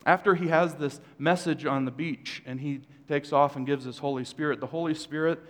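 A man's voice: a little high, fairly even intonation, normal speed, hardly any pauses. A male pastor preaching a sermon in a church, conversational, with joking asides to the congregation. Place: church sanctuary. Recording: long hall reverb.

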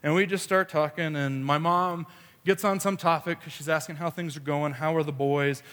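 A man's voice: on the high side, steady tone, normal speed, fairly bright tone, in a large hall. A man preaching a sermon, telling a family story with playful quoted voices. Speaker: pastor.

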